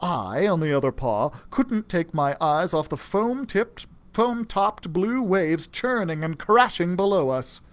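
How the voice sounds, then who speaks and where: A man reading a children's storybook aloud for a library, giving the first-person mouse narrator an animated, expressive delivery. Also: a little slow, few pauses. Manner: animated, expressive reading with big pitch swings.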